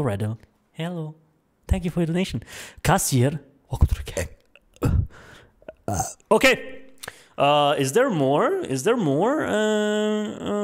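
A man streaming live, reading out viewer donations in a loose, joking manner with plenty of swearing; his voice sounds worn from talking. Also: on the high side. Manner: loose, joking, profane banter. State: strained, tiring voice. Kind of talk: casual live-stream chat.

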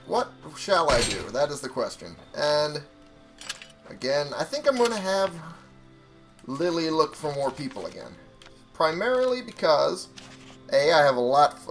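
A man's voice: a little high, a bit bright. Brief: young male let's-player, loose chatty commentary, curses a lot, faint game music behind. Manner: chatty, swears freely, talks to viewers. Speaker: gaming YouTuber. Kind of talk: casual gameplay commentary.

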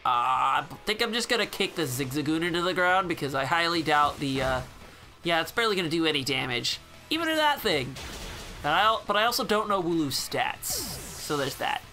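A man's voice: a little high, animated, fairly quick, bright, forceful tone, faint music behind. A man giving casual, sarcastic gameplay commentary, swearing freely. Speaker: gameplay channel host.

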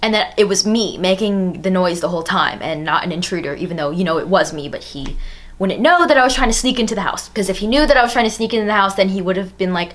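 A woman's voice: mid-range voice, fast talker. A young woman telling a personal story in a casual vlog, chatty and full of "like.". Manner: chatty, fillers of "like" throughout. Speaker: storytime vlogger.

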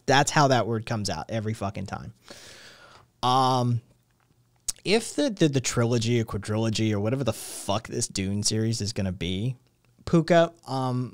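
A young adult man hosting a stream rants casually, swearing a lot and restarting his thoughts as he rambles. He sounds profane and exasperated, with a medium-pitched voice. The recording is dry and of studio quality.

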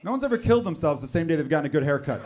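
A man, performing a stand-up comedy set on stage. He talks conversationally and jumps into loud, exaggerated voices when acting out other people. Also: fairly high pitch, expressive, racing, background noise. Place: comedy club stage with laughing audience.

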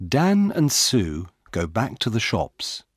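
Slow husky male storyteller. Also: fairly low pitch, huge pitch swings, no room sound, clean studio sound. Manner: slow, clear, deliberate for learners. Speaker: narrator. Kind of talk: graded reader story narration.

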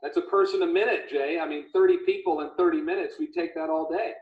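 A man hosting a casual livestream chat, animated and retelling stories in quoted voices. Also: a little high, fast talker. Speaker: livestream host. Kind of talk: casual video call chat. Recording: echoey room, dull lo-fi audio.

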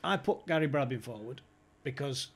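A man's voice: mid-range voice, lively intonation, normal speed, husky. A man telling stories casually, swearing and laughing as he goes. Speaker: podcast guest, former club insider. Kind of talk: casual storytelling chat.

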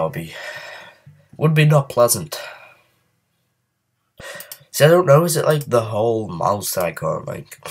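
A man's voice: deep voice, vocal fry, fairly bright tone, breathy edge. A man who is ill, giving let's play commentary while playing a game, frustrated and muttering curses at it. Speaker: gaming channel host.

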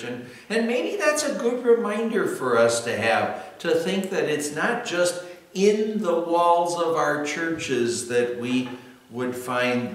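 Male pastor, middle-pitched, unhurried devotional delivery, recorded far off in a reverberant room. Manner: unhurried, earnest, with many "well" fillers. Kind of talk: devotional talk. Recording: echoey room, voice from a distance.

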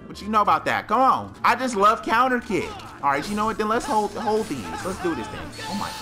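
A man giving excited gameplay commentary, slangy and trash-talking, with loud outbursts. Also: sits high, fairly quick. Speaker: gaming YouTuber. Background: game music.

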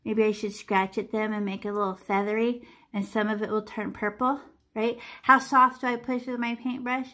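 A woman with a fairly high voice leads young children through a painting lesson. She keeps it chatty and playful and breaks into little sound effects and silly voices as she demonstrates. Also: level tone, moderate pace, bright, forceful tone. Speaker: art teacher.

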